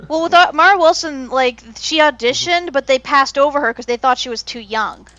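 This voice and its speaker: A woman co-hosts a podcast in easygoing conversation. Her voice sits a little high, and she shares trivia with plenty of fillers. The mic sound is dry and close. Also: brisk, fairly bright tone, no room sound, highs cut off. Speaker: podcast co-host. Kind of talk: casual chat.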